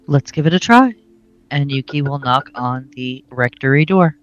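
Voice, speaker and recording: A man's voice: medium pitch, moderate pace, highs cut off. A man playing in a tabletop game, speaking politely in character. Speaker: player.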